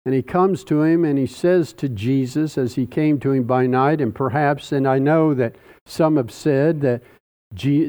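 A man preaching a sermon, teaching slowly and deliberately through a Bible passage with dramatic pauses. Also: medium pitch, warm tone.

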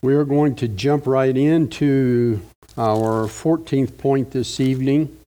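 Middle-aged guy preaching, real slow and careful, leans hard on words, mellow tone. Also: medium pitch, fairly even intonation. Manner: slow, deliberate, stressing key words. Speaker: pastor. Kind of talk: sermon Bible study.

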